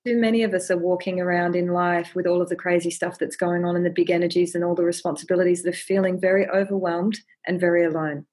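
A woman speaking as a podcast guest, sharing her practice in a gentle, earnest, reflective way and often repeating words as she thinks. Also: fairly low pitch, little pitch movement, quick pace, few pauses, breathy edge. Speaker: podcast guest, ceremony holder.

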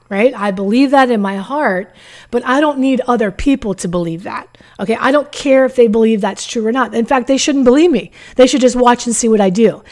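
A woman's voice: medium pitch, darkish tone. A woman in recovery giving blunt, conversational advice straight to camera about trusting addicts, often acting out the people she quotes. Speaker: recovery coach. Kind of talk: direct-to-camera advice talk.

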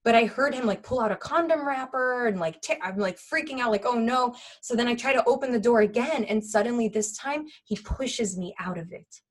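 A woman's voice: a little high, expressive. Earnest woman telling a personal story. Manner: halting and earnest, with many fillers and restarts.

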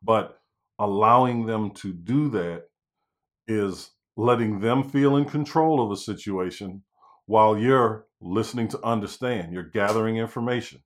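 Male coach, slightly low voice, relaxed teaching talk with frequent "right?" check-ins. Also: a little slow. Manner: conversational, many "you know" and "right?" fillers. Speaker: real estate negotiation coach. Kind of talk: casual instructional talk.

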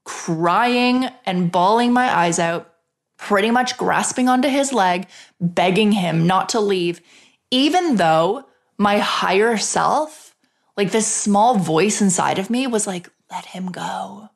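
A woman's voice: mid-range voice, animated, slow. A woman hosting a podcast, telling a personal story in a frank, chatty way, swearing freely and filling her talk with "like". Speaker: podcast host.

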